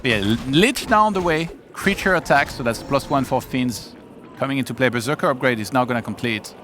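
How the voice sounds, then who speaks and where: Excitable male game commentator. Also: medium pitch, fairly quick, music in the background. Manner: excitable, rises sharply on big plays. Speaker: esports commentator. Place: event studio.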